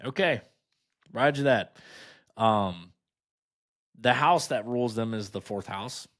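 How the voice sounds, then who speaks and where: A podcast host with a fairly low, fairly bright voice reads items aloud at a slow pace. He riffs on each one casually, tossing in mocking, sarcastic asides.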